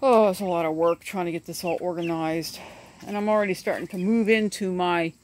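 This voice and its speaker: A middle-aged woman, a homesteader who vlogs, films her ducklings on a handheld phone while rambling casually and frequently laughing. Her voice is fairly low and a little fast, with fairly even intonation. She stands in a yard by animal pens, where faint outdoor noise, birds, and chirping ducklings can be heard.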